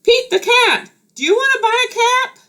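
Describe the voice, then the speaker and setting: A woman's voice: very high voice, expressive, normal speed, sharp tone, voice pushed up, exaggerated voice. A woman doing a sing-song hat peddler. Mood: cheery asking. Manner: sing-song street calling. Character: hungry peddler woman crying her wares. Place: home. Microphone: camera.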